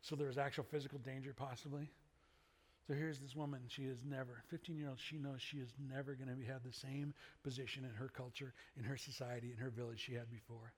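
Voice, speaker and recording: A man's voice: mid-range voice, quick pace, slightly rough. Man preaching in a reverberant hall. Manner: conversational, swings from loud animated bursts to quiet earnest asides. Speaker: pastor. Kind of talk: sermon.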